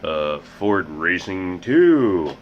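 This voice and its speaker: A man's voice: low-pitched, very animated, very slow. A man hosting a casual game collection vlog, rambling and making joking asides about himself. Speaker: host. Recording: muffled with loud background hiss.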